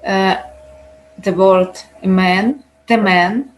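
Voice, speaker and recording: Slow, careful woman student. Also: mid-range voice, fairly even intonation, poor audio. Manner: careful, hesitant learner's reading. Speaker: adult student. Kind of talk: reading and answering in class.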